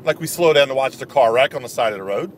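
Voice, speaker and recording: A man's voice: mid-range voice, expressive, fast, slight background noise. A man angrily ranting as a vlogger in sports commentary, emphatic and repetitive, recorded outdoors. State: angry. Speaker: video blogger.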